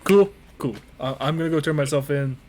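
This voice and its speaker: A man's voice: a little high, brisk, a little mellow, close to an everyday voice. A man voicing a captured bandit who cheerfully agrees to turn himself in, talking offhand and rambling with fillers. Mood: breezy.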